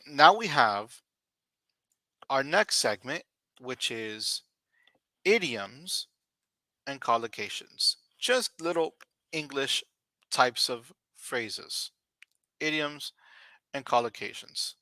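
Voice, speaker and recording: A man teaching English vocabulary on a live stream, speaking slowly and deliberately and repeating key words for his learners. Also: medium pitch, lively intonation, sharp tone, no room sound.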